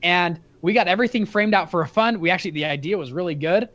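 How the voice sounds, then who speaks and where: A young man in his twenties, an interview guest, telling a story energetically, with many quick restarts. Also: high-pitched, dry recording, dull audio. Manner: energetic, fast-talking storyteller with frequent restarts. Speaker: guest, fund founder.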